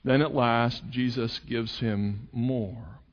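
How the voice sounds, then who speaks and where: A man's voice: medium pitch, fairly even intonation, slow. Preacher man in a reverberant hall. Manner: acts out quoted voices with sarcasm. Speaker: pastor. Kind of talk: sermon. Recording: dull sound with long hall reverb.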